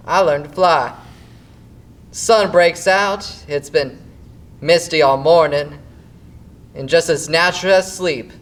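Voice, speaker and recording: A man's voice: on the high side, fairly bright tone. A young man playing a teasing, dreamy fibber. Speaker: stage actor. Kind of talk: live stage play acting.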